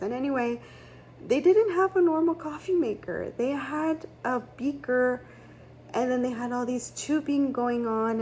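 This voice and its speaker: A woman's voice: a little high, a little mellow, slight background noise. A woman giving a casual tarot reading, rambling and chatty with many fillers and restarts. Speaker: tarot reader.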